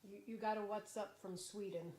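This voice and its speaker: A woman passing along viewer comments from off-mic, in a hesitant, halting way. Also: mid-range voice, fairly even intonation, a little mellow. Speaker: co-host reading viewer comments.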